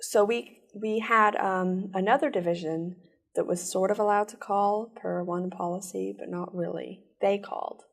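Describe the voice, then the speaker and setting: A woman giving an earnest personal account in an interview, telling it in rushed bursts. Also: mid-range voice, steady tone, creaky. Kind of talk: personal testimony.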